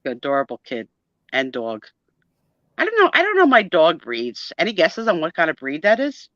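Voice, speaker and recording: A woman's voice: low-pitched, huge pitch swings, normal speed, a bit bright, dry recording. A middle-aged woman with a New Jersey accent, chatting animatedly as a guest on a live stream and laughing often. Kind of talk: casual chat. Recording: dull lo-fi stream audio.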